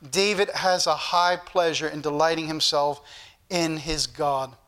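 High, bright-voiced male preacher. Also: fairly even intonation. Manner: slows down and rises in pitch when reading scripture aloud; earnest, repetitive teaching delivery. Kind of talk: sermon.

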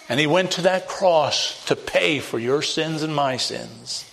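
A man's voice: a little high, measured pace, vocal fry, few pauses, fairly bright tone, slight background noise. A man preaching an evangelistic sermon, pressing listeners with direct questions and rising to emphatic peaks.

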